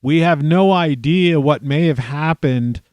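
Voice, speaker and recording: A man's voice: on the high side, measured pace, darkish tone, clean tone, no room sound. A middle-aged man ranting in a rambling, profane monologue, restarting his sentences and swearing often. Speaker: video blogger.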